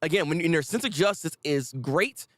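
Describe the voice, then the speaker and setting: A man hosting a live manga reaction, excitable and quick to laugh. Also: on the high side, no room sound. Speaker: host.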